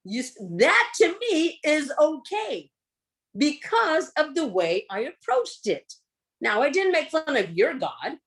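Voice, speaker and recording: Lively, higher-voiced woman teaching humor. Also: slow pace. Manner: animated storyteller who acts out scenes. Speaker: workshop presenter. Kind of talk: humor workshop with personal stories.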